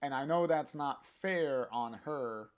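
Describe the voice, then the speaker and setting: A man's voice: medium pitch, takes it slowly, smooth, close to an everyday voice. A man voicing a weary young woman punk artist, reading her lines plainly and hesitantly. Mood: downcast. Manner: read plainly, hesitant with fillers.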